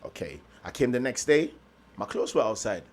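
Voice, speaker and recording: A man's voice: medium pitch, moderate pace. A young man from Germany, a motivational speaker telling his story in a casual interview, acting out the voices of people he quotes. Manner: animated storyteller, acts out quoted dialogue.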